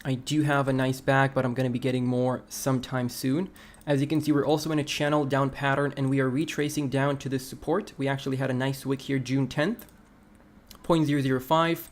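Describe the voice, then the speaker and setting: A man of ordinary middle pitch hosts a live crypto stream. He talks through charts in a relaxed, conversational way and stops now and then to read viewer messages aloud. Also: a little fast. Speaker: crypto livestream host. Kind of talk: casual livestream chart analysis.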